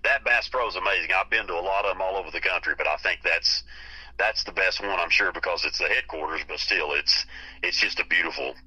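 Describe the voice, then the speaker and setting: Give me a bright-edged, raspy-voiced North Carolina man around sixty, chatting easily and laughing as he tells stories. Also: sits low, fast talker, low-quality recording. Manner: laid-back storyteller who laughs easily. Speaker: guest singer. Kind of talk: casual radio interview chat.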